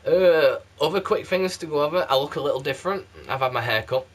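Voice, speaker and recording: A man's voice: fairly high pitch, brisk. A man from South Yorkshire with a muddled northern English accent, chatting to camera in a rambling, self-deprecating way, recorded on a games console camera. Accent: mixed South Yorkshire English. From South Yorkshire, England. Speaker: YouTube candle reviewer. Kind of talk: casual chat to camera. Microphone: PlayStation camera mic.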